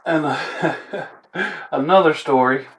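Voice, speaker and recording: A man's voice: on the high side, slow pace, fairly bright tone, slight background noise. Laid-back man rambling through stories. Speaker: vlogger telling funny stories. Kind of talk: casual storytelling.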